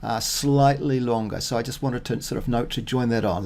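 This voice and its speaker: A man working through his Spanish practice notes out loud, thinking aloud with many fillers and restarts, and reading phrases slowly and deliberately. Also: mid-range voice, creaky. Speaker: Spanish learner. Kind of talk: casual self-recorded practice talk.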